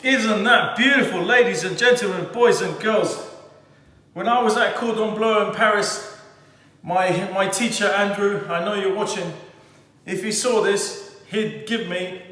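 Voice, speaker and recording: Gushing high-voiced man in echoey kitchen. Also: measured pace, a bit bright. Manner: effusive, theatrical, addresses viewers directly. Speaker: home cooking show host. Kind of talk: enthusiastic cooking demonstration.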